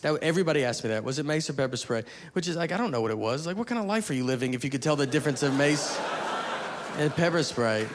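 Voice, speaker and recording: A man telling a stand-up story on stage, deadpan and understated, with rambling asides. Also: a little high, quick pace. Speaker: stand-up comedian. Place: comedy stage before a live audience. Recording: live audience murmur and faint noise. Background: audience laughter.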